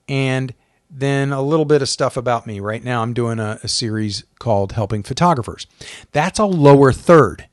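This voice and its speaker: A man's voice: on the high side, dry recording, clean studio sound. A man giving a casual to-camera lesson on presenting, friendly and conversational, with demonstrations. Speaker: video coach.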